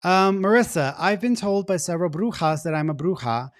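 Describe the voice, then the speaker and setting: A man giving psychic readings on a live stream, chatty and animated, laughing easily. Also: high voice, brisk, dry recording, clean studio sound. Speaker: psychic reader, co-host. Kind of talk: live reading, casual chat.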